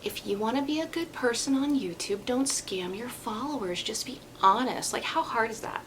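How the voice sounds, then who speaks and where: A woman's voice: on the high side, normal speed, background noise. Giggly, rambling woman vlogger. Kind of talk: casual chat.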